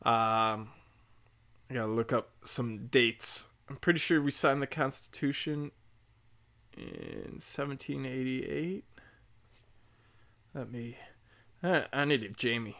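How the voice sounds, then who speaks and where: A speaker in a profane comedic rant, sarcastic, swinging loud and high then low and muttered. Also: sing-song, takes it slowly, vocal fry, long pauses. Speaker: solo commentator.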